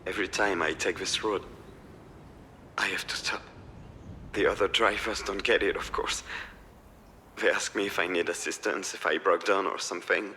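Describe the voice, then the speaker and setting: A man's voice: low-pitched, fairly even intonation, moderate pace, pauses often, sharp tone, slight background noise. An actor playing a troubled man who talks earnestly and shakily, at times in a whisper. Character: troubled adult man confiding in his ex.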